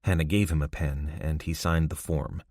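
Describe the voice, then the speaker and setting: A man narrating a crime novel audiobook in a measured, scripted style. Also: extremely low pitch, fairly even intonation, darkish tone, no echo, clean studio sound.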